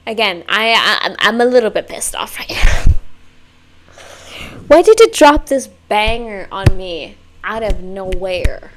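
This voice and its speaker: A woman hosting a music video reaction, talking casually and excitedly, swearing freely, squealing and laughing often. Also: medium pitch, unhurried.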